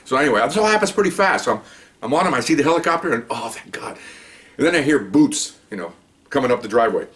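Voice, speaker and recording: A man who was once a police officer, telling a long story in a rambling, animated way and often checking in with "okay?". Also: mid-range voice, fast. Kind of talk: casual spoken storytelling.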